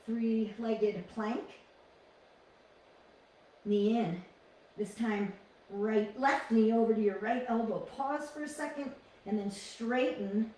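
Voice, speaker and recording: A woman leading a guided yoga class with calm, encouraging cues, often restarting her phrases. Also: medium pitch, slight background noise. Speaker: yoga instructor. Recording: echoey room, distant from mic.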